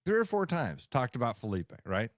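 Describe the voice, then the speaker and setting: A man's voice: mid-range voice, big pitch swings, moderate pace, dry recording, studio quality. A man co-hosting a radio show, chatting casually, telling stories with lots of laughter. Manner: laughs often, tells stories animatedly. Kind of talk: casual sports radio banter.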